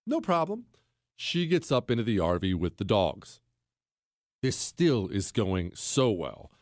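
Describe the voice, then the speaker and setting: A man's voice: on the low side, measured pace, dry recording, studio quality. A man hosting a podcast, telling a long story in a casual, joking way and talking straight to his listeners. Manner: animated, jokey, addresses listeners directly. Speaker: podcast host.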